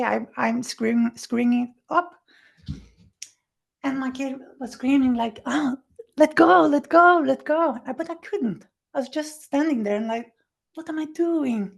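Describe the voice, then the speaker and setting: Gravelly woman telling a story in halting English. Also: on the high side. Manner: animated storyteller who acts out quoted speech; halting, non-native English with restarts. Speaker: interview guest. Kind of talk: personal recovery story told in conversation.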